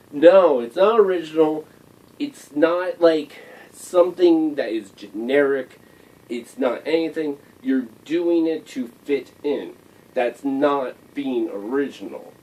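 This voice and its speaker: A man's voice: fairly high pitch, mellow, distant mic, poor audio. A man ranting blunt and exasperated to camera in a vlog, heavy on fillers. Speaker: vlogger. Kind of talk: opinionated rant to camera.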